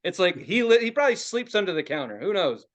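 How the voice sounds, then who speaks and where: Animated, swearing male podcast host. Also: sits high, fast. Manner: animated, profane storytelling. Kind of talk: casual chat.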